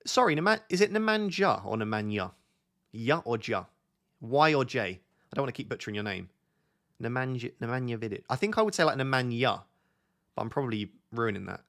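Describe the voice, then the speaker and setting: Hosting a laid-back stream, a young British man talks with his viewers and reads their questions aloud. He's very animated and quick, with a fairly bright tone and noticeable vocal fry.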